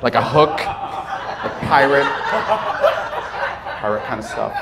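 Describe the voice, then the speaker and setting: A man doing a live stand-up comedy set on a club stage, with a playful, animated delivery and pauses for laughs. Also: mid-range voice, vocal fry. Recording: noisy live club recording.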